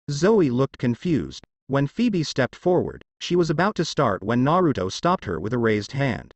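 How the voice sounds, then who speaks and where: A man narrating a fanfiction story in a steady, expressive scripted reading. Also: medium pitch, moderate pace, few pauses, no echo.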